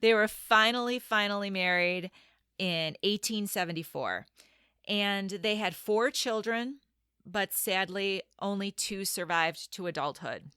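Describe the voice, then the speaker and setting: A woman co-hosting a casual podcast, explaining history and reading quotes aloud in a measured way. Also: medium pitch, bright, forceful tone, smooth, no room sound, clean studio sound. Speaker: podcast co-host.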